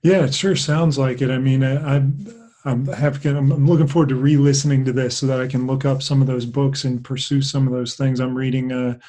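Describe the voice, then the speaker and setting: A man's voice: mid-range voice, steady tone, brisk, dark tone. A man hosting a podcast in casual interview chat, easygoing and affirming. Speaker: podcast host.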